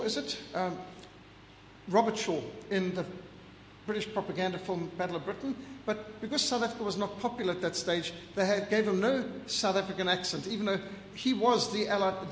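A man with a fairly high voice delivers an impassioned lecture over slides, firing off rhetorical question after rhetorical question and stacking emphatic lists. His voice rings through a roomy hall with a long reverb tail, and a faint hum of ambience sits underneath.

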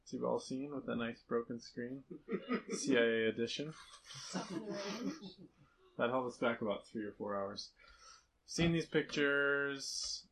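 A man's voice: mid-range voice, measured pace, pauses often, poor audio. A man giving a casual slideshow talk to a church group about a mission trip, telling stories with lots of laughter. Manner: storytelling, animated, laughs often.

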